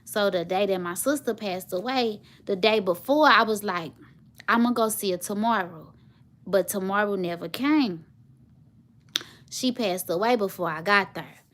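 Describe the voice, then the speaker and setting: A woman's voice: medium pitch, measured pace, a bit bright. A woman, telling a personal story to her viewers in a heartfelt, emotional way. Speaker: vlogger, single mother.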